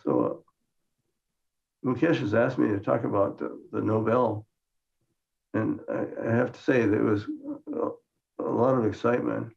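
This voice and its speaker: A man's voice: fairly low pitch, measured pace, creaky, pauses often, darkish tone. An older man from Minnesota giving a science lecture with dry, understated humor, often restarting his phrases. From Minnesota, United States. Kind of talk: conference lecture with slides. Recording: muffled lo-fi lecture recording.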